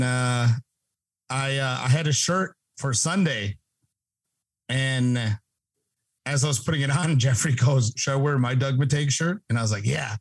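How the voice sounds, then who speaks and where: A man's voice: medium pitch, dry recording. A man co-hosting a podcast, telling a prank story in casual chat and acting out what others said. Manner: animated, acts out quotes of others. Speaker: podcast co-host.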